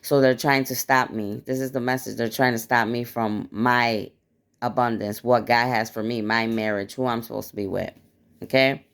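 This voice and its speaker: A woman casually recounting a dream to viewers with blunt, profane, animated storytelling; her mouth is dry. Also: extremely low pitch, moderate pace. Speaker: spiritual vlogger.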